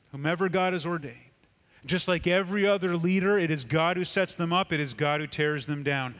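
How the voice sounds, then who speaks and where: A man preaches a sermon with emphasis, sinking to a near hush to drive points home. His voice sits a little high for a man. A long reverb trails every phrase, as in a large hall. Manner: emphatic, dramatic drops to a hush. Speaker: pastor.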